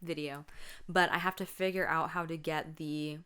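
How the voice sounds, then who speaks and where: Chatty young woman with a smooth voice. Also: low voice, fairly even intonation, moderate pace, pushed and bright. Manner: chatty, laughing, acts out quotes. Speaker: podcast host. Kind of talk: casual solo storytelling.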